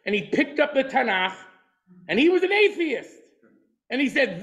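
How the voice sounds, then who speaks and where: High-voiced man giving an emphatic lecture. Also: very animated, moderate pace, pauses often, a bit bright, rough recording. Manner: emphatic, repeats short punchy phrases. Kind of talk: lecture on a class.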